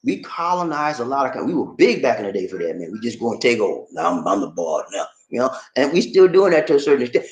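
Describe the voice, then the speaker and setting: A medium-pitched man from Charleston, South Carolina runs a casual livestream, speaking quickly with hardly any pauses. Lively and laughing often, he chats with viewers and reads their comments, and the recording is reverberant and poor.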